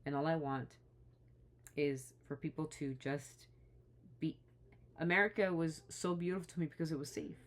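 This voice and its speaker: A woman's voice: deep voice, steady tone, moderate pace, long pauses. A woman talking straight to the camera in an impassioned vlog, indignant and pleading, often restarting her sentences. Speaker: vlogger.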